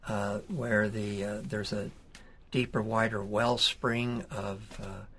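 A man's voice: lowish voice, flat delivery, slow pace, a bit bright, slight background noise. A man speaking on a panel, hesitant, searching for words. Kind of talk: panel discussion.

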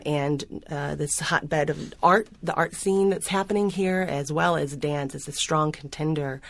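A woman choreographer talking on a panel, halting, with repeated restarts. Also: low voice, no echo. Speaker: choreographer guest. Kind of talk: panel discussion.

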